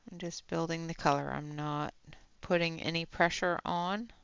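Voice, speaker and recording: Woman, Western Canadian accent, low gravelly voice, crisp and bright, dry slightly dull sound, relaxed chat. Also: moderate pace, dry recording. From British Columbia, Canada. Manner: chatty, talks softly while working. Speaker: colouring livestream host. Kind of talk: casual chat while colouring.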